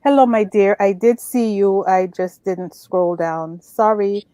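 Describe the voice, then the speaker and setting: A woman co-hosting a casual online show, greeting viewers by name with drawn-out exclamations. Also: medium pitch, fairly even intonation, dark tone, no echo. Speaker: co-host. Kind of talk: casual chat.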